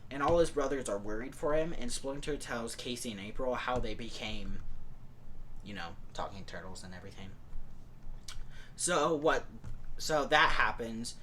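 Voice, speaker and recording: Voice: mid-range voice, a bit bright, a little hiss or hum. A podcast host casually retelling a movie plot in a rambling way, full of fillers like "like" and "and stuff".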